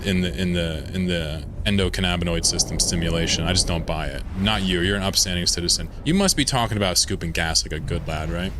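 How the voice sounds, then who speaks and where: A man from the American South talks casually to his chat while playing a game. His voice is fairly low and his talk rambles, offhand and peppered with swearing, over a faint hiss. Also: fairly bright tone. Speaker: game streamer. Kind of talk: casual live-stream chat over gameplay.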